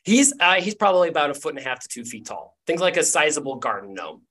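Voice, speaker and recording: A man narrating a tabletop game as game master, in a loose, halting way with many fillers. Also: fairly high pitch, sing-song, bright, forceful tone.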